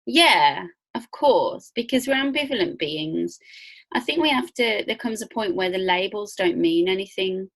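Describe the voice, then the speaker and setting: A woman's voice: medium pitch, a bit bright. A woman hosting a spiritual podcast, talking in an enthusiastic, chatty and emphatic way. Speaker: podcast host, Reiki and spiritual coach. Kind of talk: casual conversational interview.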